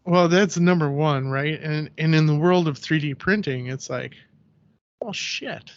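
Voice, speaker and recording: Animated man telling stories, slightly high. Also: moderate pace, smooth, highs cut off. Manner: animated storyteller who acts out quoted voices, heavy use of "like". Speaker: podcast guest, ceramic artist. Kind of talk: casual podcast conversation.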